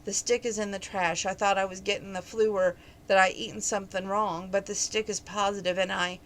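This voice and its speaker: A woman's voice: mid-range voice, little pitch movement, brisk, a little hiss or hum, lightly acted, low-quality recording. A woman reading the lines of an emotional young woman in love from a storybook romance, in her own voice. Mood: anxious. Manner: anxious, heartfelt.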